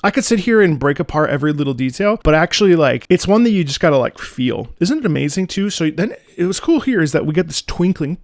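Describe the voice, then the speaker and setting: Lively man breaking down a game soundtrack, bouncy pitch, scats the tunes, dry sound. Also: no room sound. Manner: excitable, sings out melodies in scat syllables; profane asides, chatty fillers. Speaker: video game music analyst. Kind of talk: casual music breakdown commentary.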